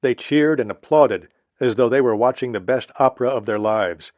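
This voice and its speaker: A man narrating a history audiobook in a steady, measured reading. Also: medium pitch, no room sound. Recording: dry, slightly dull lo-fi recording.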